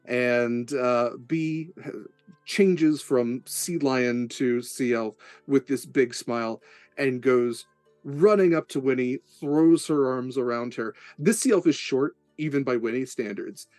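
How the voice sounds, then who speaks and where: A man narrating as game master of a tabletop game, relaxed and rambling with many fillers. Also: mid-range voice, slow, no room sound, faint music behind.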